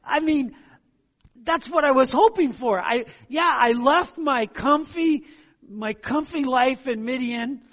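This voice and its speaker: A man's voice: very high voice, slow, a bit bright, long reverb tail, voice pushed up, full character voice. A man voicing Moses as an exasperated, sarcastic leader complaining about his grumbling people. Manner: sarcastic, mock-aggrieved.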